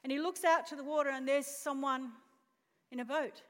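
A woman's voice: high voice, fairly even intonation, moderate pace, fairly bright tone. A woman pastor preaching a sermon, telling a story expressively and putting questions to the congregation. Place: church auditorium. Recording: long reverb in a church hall.

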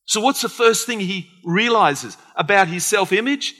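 A man with an Australian accent preaching a sermon as pastor, animated and acting out conversations. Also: high-pitched, normal speed. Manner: animated, acts out quoted conversations. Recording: long hall reverb.

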